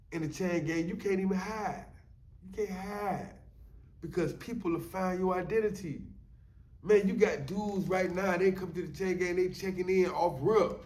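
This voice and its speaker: Man, high-pitched, loose conversational storyteller; echoey room, off-mic. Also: far from the mic. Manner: loose conversational talk with frequent "you know what I'm saying". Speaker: storyteller sharing his prison experience. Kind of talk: casual storytelling monologue.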